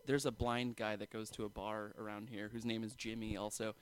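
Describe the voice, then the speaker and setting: A man's voice: lowish voice, little pitch movement, brisk, clear, resonant tone, no echo. A man co-hosting a comedy podcast, teasing and firing off wry jokes. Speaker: podcast co-host. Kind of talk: casual comedic chat.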